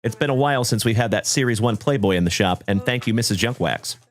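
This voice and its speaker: A man's voice: lowish voice, fast talker. A man hosting a sports card livestream, chatting casually and greeting viewers by name in a folksy, upbeat way. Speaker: card break livestream host.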